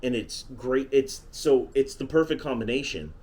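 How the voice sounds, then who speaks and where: A man's voice: mid-range voice, expressive, moderate pace, darkish tone, husky. A man co-hosting a podcast, talking casually and at length about basketball coaching. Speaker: podcast co-host. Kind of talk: casual sports chat.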